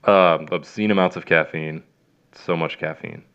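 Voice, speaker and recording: A veterinarian being interviewed casually spins long stories in a very deep, creaky, slightly bright voice, moving at a moderate pace with fairly even intonation. He rambles, leans on plenty of fillers, and acts out what people said. The audio is dull and lo-fi.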